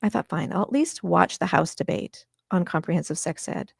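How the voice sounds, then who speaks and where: A woman's voice: lowish voice, expressive, moderate pace, vocal fry, breathy edge, no room sound, clean studio sound. A middle-aged woman from Washington State, an interview guest, speaking earnestly and with passion. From Washington State, USA. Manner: earnest and impassioned, voice catching with emotion.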